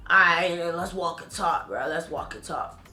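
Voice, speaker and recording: A sheepish young man who mumbles low and soft, hedging every phrase with filler words, as a woman puts him on. He sounds bright and a little tense. The room adds an echo. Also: unhurried. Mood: evasive mumbling. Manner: low mumble full of "you know" and "like". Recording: roomy echo.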